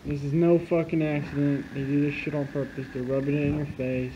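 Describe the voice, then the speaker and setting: Over a video clip, a man insistently and profanely explains a hidden message in casual, conspiracy-minded commentary. His fairly high, warm voice moves fairly quickly with little pitch movement, and the recording is dull and lo-fi with clear noise.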